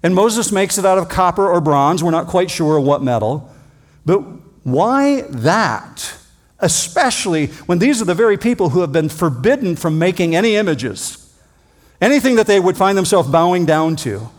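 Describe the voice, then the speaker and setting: A male pastor delivering a sermon, rising to emphatic points and dropping to quiet asides. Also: sits high, sing-song, moderate pace. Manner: preaching with emphatic rises and quiet drops. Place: church.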